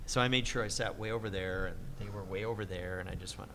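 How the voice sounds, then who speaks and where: Animated middle-aged male voice actor. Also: quick pace, few pauses, big-room sound, noisy background. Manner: animated, lively pitch swings, acts out quotes. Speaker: voice actor guest. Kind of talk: convention interview storytelling.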